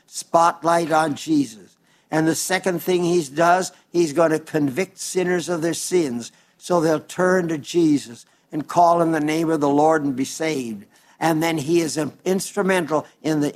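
Male preacher, sermon, earnest and plain-spoken, slightly raised pitch, slow deliberate scripture reading. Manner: earnest, plain-spoken, addresses listeners as dear friends; reads scripture aloud slowly and deliberately.

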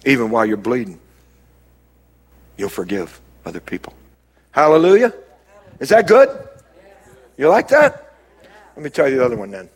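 A man preaching a sermon as pastor, swinging between loud rises and quiet low drops and calling out to the congregation. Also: big pitch swings, moderate pace, pauses often, husky. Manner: preaching with sudden rises and drops, calls to the crowd.

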